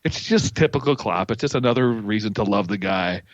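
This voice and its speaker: Enthusiastic man, low, dull audio. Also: brisk, dry recording. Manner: enthusiastic storyteller, animated. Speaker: podcast guest. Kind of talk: casual podcast chat.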